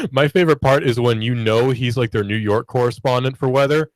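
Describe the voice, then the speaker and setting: A man's voice: medium pitch, a little fast, no echo, low-quality recording. A young man who reads the news on radio, co-hosting a podcast in casual, playful chat and laughing often. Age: young adult. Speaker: radio newscaster and co-host. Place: radio studio.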